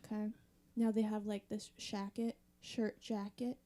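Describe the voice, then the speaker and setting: A woman's voice: medium pitch, level tone, unhurried, dark tone. A woman in her thirties doing a chatty, wry stand-up set on a comedy club stage. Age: 30s. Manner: conversational, wry, chatty with the audience.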